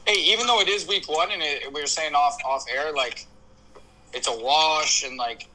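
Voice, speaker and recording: A man's voice: a little high, moderate pace, bright, forceful tone, slight background noise, rough recording. A man chatting casually on a podcast, rambling through his points with lots of fillers. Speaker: podcast co-host. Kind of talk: casual chat.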